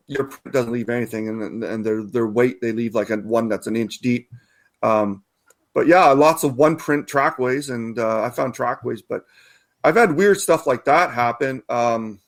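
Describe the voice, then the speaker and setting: A man from Canada, a guest researcher, talking casually in an interview, rambling with many fillers and restarts. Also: mid-range voice.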